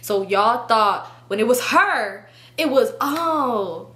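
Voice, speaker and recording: A young woman casually telling a story to her viewers, animated and profane, acting out her friends' lines. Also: fairly high pitch, takes it slowly. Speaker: storytime vlogger.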